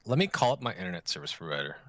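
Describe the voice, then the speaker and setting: Lively-voiced man chatting on a podcast. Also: sits low, very fast, no room sound. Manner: rambling, joking, puts on silly voices. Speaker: podcast co-host. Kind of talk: casual chat. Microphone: online voice call.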